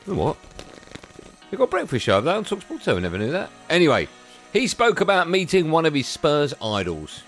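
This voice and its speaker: A man's voice: fairly high pitch, huge pitch swings, fairly quick, a bit bright, soft background music. A man hosting a radio sports show, introducing clips with jokey asides. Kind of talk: casual chat introducing clips.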